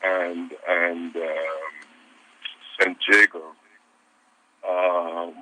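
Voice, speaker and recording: A man, a history professor, answering interview questions in a halting way with many repeated words. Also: low-pitched, level tone, pushed and bright, low-quality recording.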